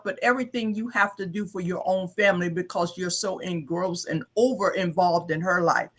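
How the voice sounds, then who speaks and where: Co-host, bright tone, earnest counsel, halting delivery, frequent restarts. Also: mid-range voice. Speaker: advice show co-host. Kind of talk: counseling talk.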